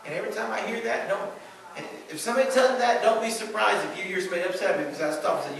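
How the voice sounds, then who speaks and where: A man preaching a sermon in a Southern American accent, his voice sitting fairly high. He swings from loud, driving emphasis down to hushed, quiet asides. He is picked up from some distance in a church with a strong, booming echo. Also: fairly quick. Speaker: pastor. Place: church sanctuary. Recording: echoey church from far off.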